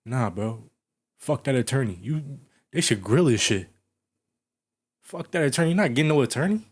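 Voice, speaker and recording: A man hosting a reaction video, commenting loudly and profanely and scolding the person on screen. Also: mid-range voice, lively intonation, normal speed, breathy edge.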